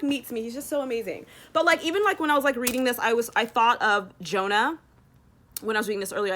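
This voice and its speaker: A young woman talks casually to camera in a devotional vlog, her voice sitting a little high. She rambles, fills every gap with "like," and throws herself into lively retellings. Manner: rambling, heavy use of "like", animated retellings. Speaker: Christian vlogger.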